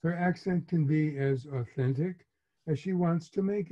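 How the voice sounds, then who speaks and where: A man in his eighties, an author reading his memoir aloud in a measured, reflective way. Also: a little high, warm tone. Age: 80s. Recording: muffled lo-fi recording.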